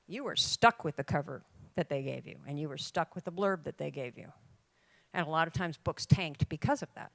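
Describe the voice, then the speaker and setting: An older woman giving an emphatic, lively talk to a room of writers, with dramatic pauses. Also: low voice, creaky, no echo. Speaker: conference speaker. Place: conference room.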